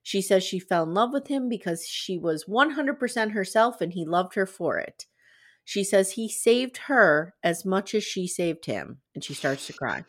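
Woman podcast host, super animated voice, casual jokey chat. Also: medium pitch, normal speed. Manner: animated, jokey, acts out quotes in a bad British accent. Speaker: podcast host recapping a reality show.

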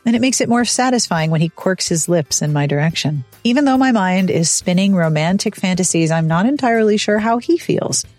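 A woman's voice: medium pitch, a little mellow, dry recording. A woman hosting a book podcast, reading a sponsor spot and chatting with playful, sardonic asides. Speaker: podcast host. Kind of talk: casual podcast chat and sponsor read.

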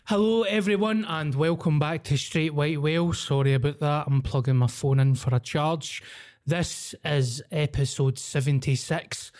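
A Scottish man hosting a podcast, his voice a bit croaky after illness, chatting in jokey, sweary banter. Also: a little high, moderate pace, darkish tone. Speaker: podcast host. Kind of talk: casual chat.

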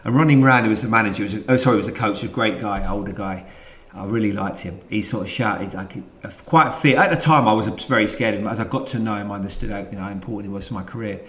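Middle-aged london guy, low voice, rambling through his stories with lots of restarts, roomy room sound. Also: fast. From England. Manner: rambling, animated anecdotes with many restarts. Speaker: guest, former footballer. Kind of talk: casual storytelling interview.

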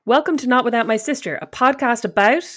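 A woman's voice: on the high side, fast talker, a bit bright. An Irish woman co-hosting a podcast in casual chat, answering with dry, wry comebacks. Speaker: podcast co-host.

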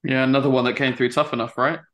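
A man co-hosting a podcast in casual chat, matter-of-fact and measured. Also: medium pitch, flat delivery, fairly bright tone. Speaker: podcast co-host.

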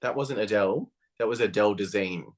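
A man with a very low voice co-hosts a casual podcast chat. He talks bluntly and swears freely, getting animated as he goes. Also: a little fast. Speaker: podcast co-host.

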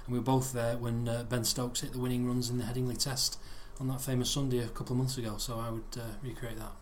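A man's voice: medium pitch, little pitch movement, fast, a little hiss or hum. A man guesting on a casual podcast, joking in a dry way. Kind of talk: casual chat.

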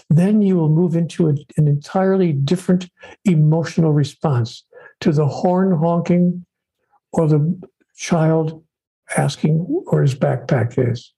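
A man with a slightly high, warm voice that is deeply husky and breathy. He speaks about spirituality as an interview guest. His delivery is measured and emphatic, and he stacks phrases into rhythmic lists. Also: low-quality recording.

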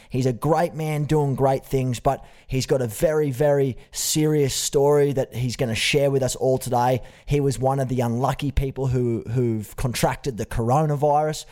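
Australian man hosting a podcast. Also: mid-range voice. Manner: warm, earnest, says mate often. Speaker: podcast host. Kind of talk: casual podcast interview.

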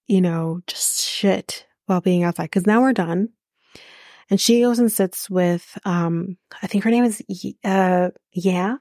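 A young woman hosts a podcast, talking casually and bluntly, swearing freely and sounding exasperated as she recaps. Her voice is warm and mellow. The sound is dry and close. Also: medium pitch, dry recording. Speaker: podcast host recapping a reality show. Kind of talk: casual chat.

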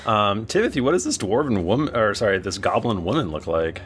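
A man's voice: on the low side, brisk, soft background music. A man narrating as game master of a tabletop game, describing scenes and calling on players. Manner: animated, descriptive storytelling.

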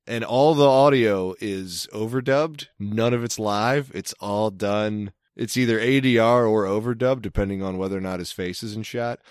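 A man on a podcast rambles in a wry, casual way, stopping and restarting his sentences. His voice sits a little low. It sounds dry and close to the mic. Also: normal speed, few pauses, smooth, no room sound. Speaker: podcast co-host. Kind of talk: casual chat.

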